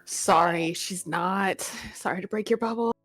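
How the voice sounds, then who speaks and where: A woman's voice: fairly low pitch, measured pace, fairly bright tone, soft background music. A woman playing a tabletop role-playing game, playful and swearing casually. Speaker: player.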